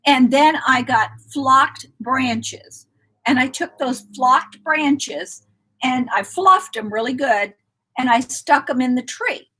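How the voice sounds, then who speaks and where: A chatty woman co-hosting a live decorating talk, her voice husky and slightly hoarse as she loses it. She rambles warmly through tips and eggs the listener on. Her pitch sits a little high. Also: slow. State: losing her voice. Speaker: co-host of a store's live decorating chat. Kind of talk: casual chat.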